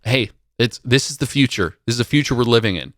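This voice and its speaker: A young man with a lively, swooping voice thinks out loud on a casual show, often pausing with hesitant fillers. The recording is dry and close. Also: mid-range voice, no room sound. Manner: musing, hesitant, speculative. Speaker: co-host. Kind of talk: casual chat.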